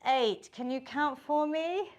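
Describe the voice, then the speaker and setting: Woman fitness instructor with a high, unhurried voice, upbeat and encouraging as she counts reps for an online class. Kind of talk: live online workout instruction.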